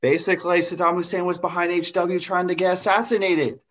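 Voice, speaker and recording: A man's voice: high-pitched, flat delivery, fairly bright tone. Wisecracking male podcast guest. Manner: joking, quick comebacks. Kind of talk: casual chat.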